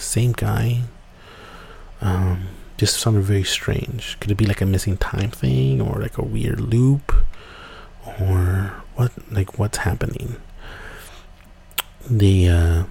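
A podcast host with a low, gravelly, mellow voice tells a story loosely and casually. He wanders off track, restarts sentences, and fills pauses with "you know." A faint hiss of background ambience runs beneath him.

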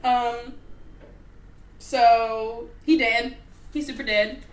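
A woman hosting a podcast in casual chat, talking in an animated, profane, ranting way. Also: on the high side, drawn-out words, distant mic. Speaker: podcast host. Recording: roomy, off-mic.

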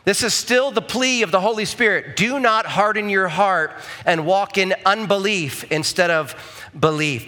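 A man's voice: high-pitched, bright, forceful tone. A male pastor preaching a conversational sermon in church, often checking in with the congregation with asides.

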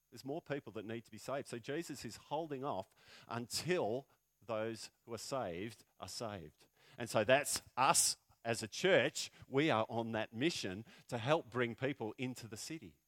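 A male pastor preaches conversationally, peppering his sermon with rhetorical questions. He swings between loud, emphatic lines and quiet, low stretches. The recording is clean studio sound with no echo.

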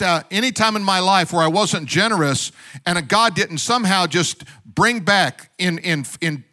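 A male pastor delivers a sermon in a high, bright voice. He presses his points with rhetorical questions and calls for amens, and he drops joking asides to the congregation along the way.

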